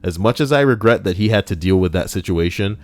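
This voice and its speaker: A man's voice: low-pitched, lively intonation, quick pace. A man hosting a countdown list, reading it in a casual way with sarcastic, jokey asides. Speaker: host. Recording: faint background music.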